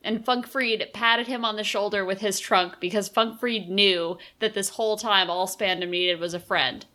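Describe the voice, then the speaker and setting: A woman's voice: mid-range voice, fairly even intonation, moderate pace, pushed and bright. A woman co-hosting a podcast, a playful storyteller who swears for comic effect in casual chat. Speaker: podcast co-host.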